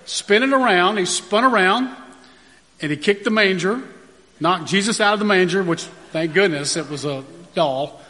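A man's voice: high voice, normal speed, sharp tone. A man, a pastor, telling folksy anecdotes in a sermon, with frequent fillers and restarts. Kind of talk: storytelling sermon. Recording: long reverb of a large room.

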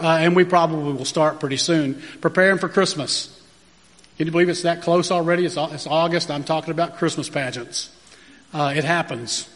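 A man's voice: fairly high pitch, a bit bright. A man, a pastor, telling folksy anecdotes in a sermon, with frequent fillers and restarts. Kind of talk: storytelling sermon. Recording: long reverb of a large room.

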